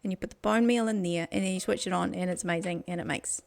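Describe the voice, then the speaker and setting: A woman's voice: lowish voice, fast talker, vocal fry. Giggly New Zealand woman streaming. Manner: giggly, chatty, talks to chat. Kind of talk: casual gaming stream chat. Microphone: desk microphone.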